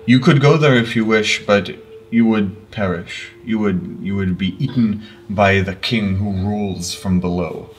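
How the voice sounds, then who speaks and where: A man voicing an ancient, weary albino man with red eyes, speaking slowly and gravely in a put-on Russian accent. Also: lowish voice, recorded from a distance, slight background noise, lightly acted. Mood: solemn. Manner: slow, grave, heavily paused.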